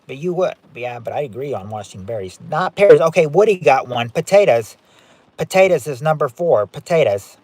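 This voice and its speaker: A man's voice: a little high, animated, moderate pace, a little mellow. A man hosting a live-stream game night, chatting as he reads out viewer guesses and rules on each one. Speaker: game show host.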